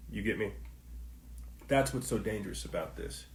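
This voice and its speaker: A man's voice: on the low side, normal speed, reverberant, a little hiss or hum. A man hosting a political commentary podcast, talking straight to his listeners in a heated, preachy way and circling back to the same points. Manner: heated, preachy, repetitive, speaks to listeners directly. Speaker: podcast host.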